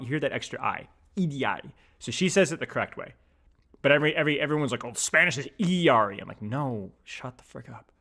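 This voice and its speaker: A young man streaming, chatting casually while reading words aloud and flaring into mock outrage. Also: mid-range voice. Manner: animated, flares into mock-outraged shouting. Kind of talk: casual pronunciation chat.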